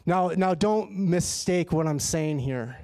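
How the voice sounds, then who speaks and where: A man preaching a sermon in a church, telling a personal story in a lively, conversational way. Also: a little high, slow pace. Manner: animated and conversational, acts out his own dialogue. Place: church sanctuary.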